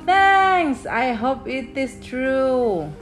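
Storybook: a woman doing a kind young boy, high and eager, earnest. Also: sing-song, very slow, soft background music, full character voice. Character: kind-hearted young village boy, hardworking.

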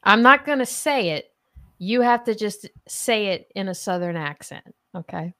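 A woman's voice: medium pitch, animated, moderate pace, bright, forceful tone. A woman hosting a casual podcast chat and running a playful quiz, laughing often. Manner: giggly, chatty, laughs often. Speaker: podcast host.

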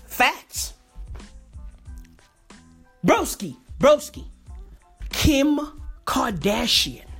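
A woman doing an excitable, profane comedic rant, packed with repeated slang catchphrases and sudden comic pitch jumps. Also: slightly rough.

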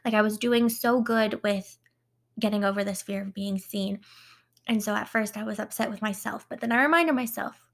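A woman's voice: medium pitch, normal speed, vocal fry. A young woman vlogger giving a chatty, encouraging casual self-help talk. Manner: chatty and encouraging, with fillers and laughs.

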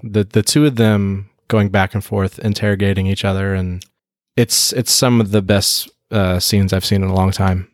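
Male co-host, lowish, eager chat, dry sound. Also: flat delivery, normal speed, no echo. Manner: eager, chatty. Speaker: podcast co-host. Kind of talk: casual chat.

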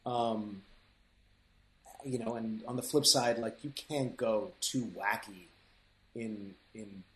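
A man's voice: lowish voice, steady tone, slow pace, fairly bright tone, echoey room, a little hiss or hum, rough recording. A man who works as an audiobook narrator, talking casually in an interview in a thoughtful, rambling way with many fillers and restarts.

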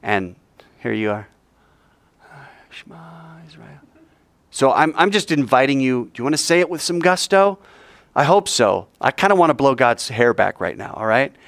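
Lively man teaching a Bible class, playful and expressive, recorded dry and close. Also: medium pitch, moderate pace, creaky, dry recording. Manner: lively, playful, joking with students.

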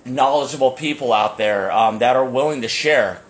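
Another male podcast co-host talks casually at a moderate pace in a mid-range voice. He rambles, leaning on fillers and frequently restarting his sentences.

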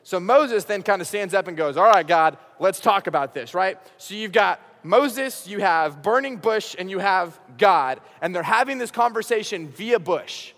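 Animated young pastor in reverberant hall. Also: male voice, sits high, normal speed, few pauses. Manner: casual, animated storytelling with acted-out dialogue. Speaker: high school pastor. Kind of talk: youth sermon.

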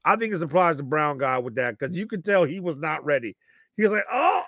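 A man co-hosting a podcast, telling a story in a lively way, laughing often and acting out what people said. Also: a little high, fairly quick, no room sound. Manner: animated storyteller, laughs often, acts out quotes. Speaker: podcast co-host. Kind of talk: casual chat, storytelling.

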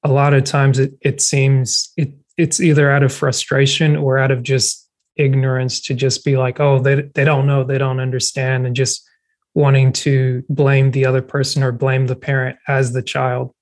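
Guy thinking out loud, monotone, keeps restarting. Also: mid-range voice. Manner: reflective, halting, with many restarts. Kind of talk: casual conversation.

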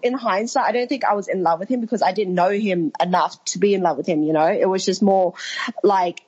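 A woman's voice: medium pitch, a little fast, mellow, slightly rough, highs cut off. A woman guest on a podcast, talking casually with lots of filler words. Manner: chatty, laughs often, filler words. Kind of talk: casual chat.

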